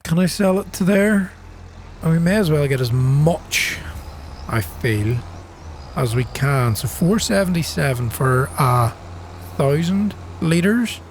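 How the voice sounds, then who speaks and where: A middle-aged Northern Irish man with a softened accent, chatting casually and thinking aloud with plenty of ums as he commentates his own farming game. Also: on the high side, animated, takes it slowly, a little hiss or hum. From Northern Ireland. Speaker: gaming channel host.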